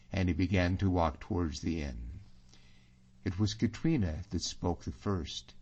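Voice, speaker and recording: Slow, low-voiced male audiobook narrator. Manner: even, measured storytelling. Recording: dull lo-fi audiobook recording.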